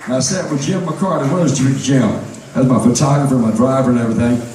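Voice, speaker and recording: An older man with a drawl spins long, rambling anecdotes to a crowd, stopping often to clear his throat. His voice sits at an ordinary pitch and comes from far off in a big, echoing hall. Faint noise hums underneath. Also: fairly quick, darkish tone. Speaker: guest storyteller at a fan reunion. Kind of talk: anecdotal storytelling to a live audience.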